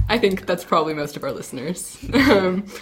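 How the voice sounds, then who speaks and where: A woman's voice: on the low side, big pitch swings, unhurried, breathy edge. A woman hosting a podcast interview, casual and laughing often. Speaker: podcast host.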